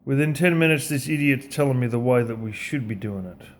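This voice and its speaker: A man's voice: medium pitch, fairly quick. A man with an Australian accent giving a blunt, profane motivational rant in a casual, conversational way. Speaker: vlogger.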